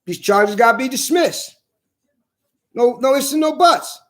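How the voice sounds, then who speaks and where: A man in a furious, profane rant, repeating himself and shouting at times. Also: very high-pitched, animated, unhurried. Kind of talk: angry profane rant to camera.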